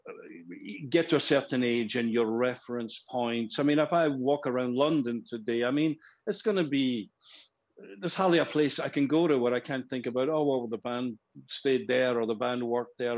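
An older man in his sixties chats through a relaxed interview, circling his points with stops, restarts and plenty of fillers. His voice sits at an ordinary middle pitch, and the recording is a little dull and muffled. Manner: rambling, frequent restarts and fillers. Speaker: musician guest. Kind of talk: casual interview chat.

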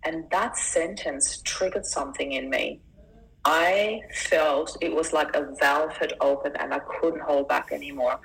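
A middle-aged woman, a life coach, telling a personal story in conversation, earnest and emotional, halting and restarting as she goes. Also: deep voice, creaky, a bit bright, low-quality recording.

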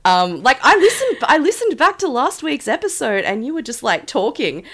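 A woman co-hosting a casual podcast, very loud and excitable, breaking into shrieking laughter and swearing freely. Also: sits high, normal speed, husky. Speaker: podcast co-host. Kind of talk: casual chat.

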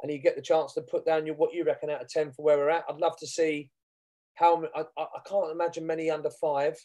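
A fast-talking man, bantering on a fan podcast. He jokes easily and turns to speak straight to the listeners. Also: a little high, little pitch movement, mellow. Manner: quick, jokey, asks the listeners in. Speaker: podcast co-host. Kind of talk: casual chat.

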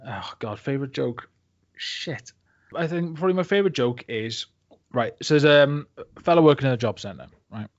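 A comics creator guests on a casual podcast, rambling at normal speed in an animated, mid-range voice, dropping plenty of fillers and swearing freely. The recording is dry and sounds dull and lo-fi.

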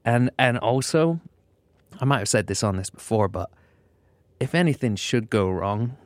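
A man's voice: medium pitch, lively intonation, moderate pace, no echo. Wry man telling dry stories. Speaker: podcast co-host, martini drinker. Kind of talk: casual chat.

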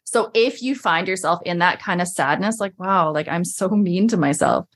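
A woman's voice: fairly low pitch, normal speed. A woman in a casual podcast chat, talking as a coach, chatty and full of "like", acting out her own inner voice.

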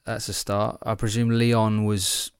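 A man's voice: lowish voice, little pitch movement, unhurried, clear, resonant tone, dry recording. Dry, self-deprecating man chatting. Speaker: guest. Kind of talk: casual chat.

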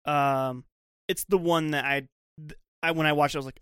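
Young male co-host, animated storyteller, smooth slightly high voice. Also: moderate pace, no room sound, studio quality. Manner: animated, acts out quotes, swears. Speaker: podcast co-host. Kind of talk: casual chat, retelling scenes.

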